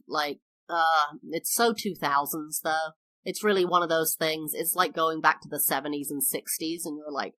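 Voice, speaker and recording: Chatty woman podcast host retelling a movie, low voice but bright and forceful, lots of "like". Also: steady tone, moderate pace, dry recording. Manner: acts out quoted lines. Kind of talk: casual film recap.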